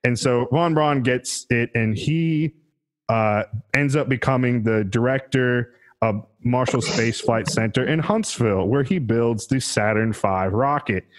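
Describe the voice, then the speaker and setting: A man's voice: medium pitch, measured pace. A man co-hosting a podcast, telling history in a casual, profane, rambling way and laughing at his own jokes. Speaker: podcast co-host. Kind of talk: casual comedic history chat.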